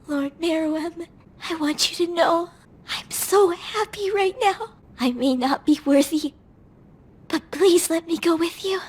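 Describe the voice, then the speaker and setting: An actress playing a meek, humble blind young woman in an anime dub, with a soft, tearful voice. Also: very high voice, measured pace, faint music behind.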